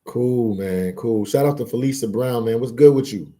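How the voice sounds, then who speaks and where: Hosting a laid-back live stream, a Philadelphia-accented man reads chat messages out loud and jokes around, often repeating words and phrases. He has a warm, mid-range voice and speaks at a normal speed.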